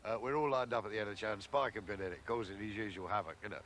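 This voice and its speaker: A man's voice: lowish voice, rapid-fire, a bit bright, a little hiss or hum. Gleeful anecdote-telling man.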